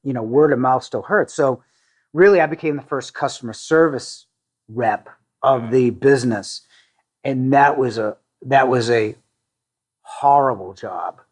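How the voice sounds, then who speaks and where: A middle-aged man from the Boston area, a company CEO, talking casually in an interview, with frequent restarts and fillers. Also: mid-range voice. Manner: halting, many restarts and fillers, self-deprecating.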